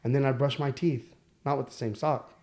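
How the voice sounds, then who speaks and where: A man speaks candidly as a podcast guest, telling his own story with frequent fillers and restarts. His voice sits at an average pitch for a man. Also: steady tone, fairly quick, darkish tone. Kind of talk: personal storytelling.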